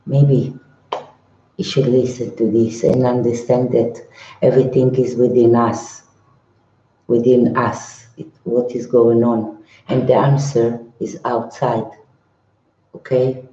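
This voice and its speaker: An older man speaks slowly and haltingly, with a dark, mellow tone and broken English. He is a monk chatting with viewers on a live stream, often repeating his words. The sound is roomy and a little dull. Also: mid-range voice, flat delivery.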